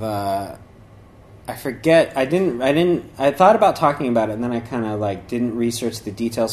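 Rambling through a casual spiritual talk full of fillers and restarts, this dharma speaker performs the voices of characters in his stories. His voice is fairly low in pitch and a little mellow.

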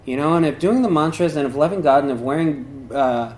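A man's voice: on the high side, brisk, darkish tone, a little hiss or hum. A man giving a casual spiritual talk who rambles with lots of fillers and restarts, and acts out voices in his stories. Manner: acts out voices while telling a story. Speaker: dharma talk speaker.

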